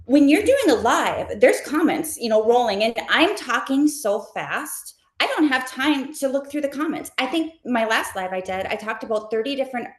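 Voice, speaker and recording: A woman who makes live shopping videos, answering interview questions casually and talking fast like an animated storyteller. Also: high-pitched. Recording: roomy echo.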